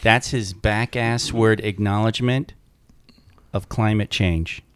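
A man co-hosting a casual podcast chat, animated and quick to laugh and swear. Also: fairly low pitch, clear, resonant tone. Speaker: podcast co-host.

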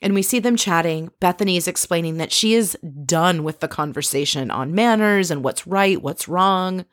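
A woman's voice: on the low side, moderate pace, dry recording, clean studio sound. A woman giving a chatty, opinionated recap of a reality TV episode, telling it like a story.

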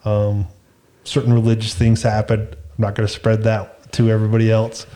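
A man's voice: lowish voice, brisk. Guy rambling through a story, laughs a lot, echoey room. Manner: animated, laughs often, repeats words. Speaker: guest telling a story. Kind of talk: casual storytelling chat. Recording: echoey room, faint noise.

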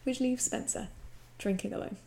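A young woman co-hosting a podcast, telling what happens in a TV episode in lively, casual talk with frequent laughs. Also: on the high side, normal speed, vocal fry. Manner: animated storytelling, laughs often. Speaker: podcast co-host. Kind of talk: casual recap chat.

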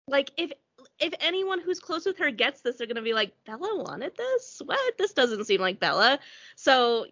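A woman co-hosting a podcast in casual chat, animated and acting out little quotes as she talks. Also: on the high side, dry recording, highs cut off. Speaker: podcast co-host.

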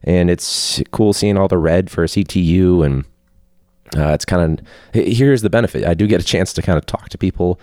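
Man, very low voice, warm dark tone, rambling casual podcast talk, dry close sound. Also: moderate pace, no echo. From Chicago area. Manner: rambling, candid, profane, with frequent fillers. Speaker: podcast host, teacher. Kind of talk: casual solo podcast chat. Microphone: phone hooked up to a video call.

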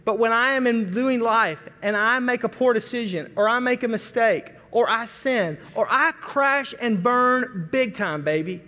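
A middle-aged man from Arkansas preaching a sermon, telling a folksy, animated story and acting out family voices. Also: very high-pitched, a little slow, few pauses. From Arkansas, USA. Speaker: pastor. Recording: long reverb of a large hall.

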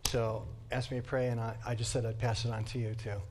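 A man's voice: mid-range voice, little pitch movement, brisk, noisy background. Man, lecturer, conversational, thinks aloud, church classroom.

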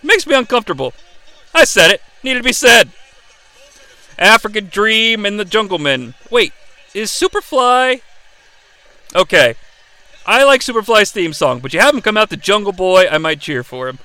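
A man hosting a live watch-along of a wrestling match, calling the action in an excitable, profane way. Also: sits high, moderate pace, long pauses, dry recording. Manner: excitable, profane, yelling play-by-play. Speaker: host.

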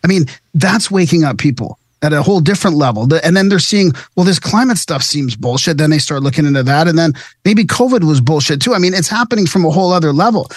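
A man's voice: on the high side, animated, fast, no room sound, clean studio sound. A man from Canada hosting a panel podcast on a video call, emphatic and repetitive, swearing when worked up. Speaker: podcast host. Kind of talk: casual panel chat.

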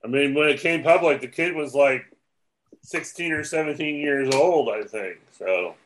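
A man's voice: a little high, normal speed, slight background noise. A man co-hosting a podcast in casual chat, matter-of-fact and brief in his replies. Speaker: podcast co-host.

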